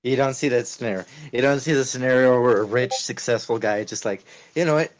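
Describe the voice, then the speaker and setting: A man's voice: medium pitch, steady tone, fairly quick, rough recording. A man joking around in a casual livestream chat, teasing his friends and trying to stir up a fight.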